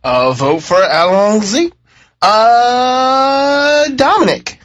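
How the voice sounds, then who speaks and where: A man with a high, bright, forceful voice hosts a relaxed podcast panel. He runs the rounds of votes and muses aloud about his picks. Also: extremely slow, dull audio. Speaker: podcast host. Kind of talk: casual panel chat.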